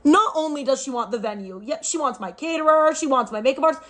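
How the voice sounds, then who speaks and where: A woman's voice: high voice, expressive, brisk, hardly any pauses, a bit bright. A young woman telling a family story in a casual, sarcastic, exasperated way.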